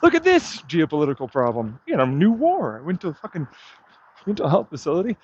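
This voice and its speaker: A man's voice: fairly high pitch, wildly swooping pitch, quick pace, husky. A man vlogging outdoors while walking his dog, ranting in an agitated, profane way with bitter muttering. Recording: dull lo-fi dry sound.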